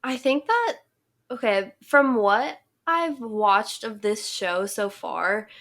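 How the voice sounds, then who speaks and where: A woman's voice: a little high, animated, takes it slowly, fairly bright tone. A young woman co-hosting a podcast, chatting casually and wryly with lots of filler words. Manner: laid-back, wry, lots of "like" fillers. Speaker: podcast co-host. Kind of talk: casual chat.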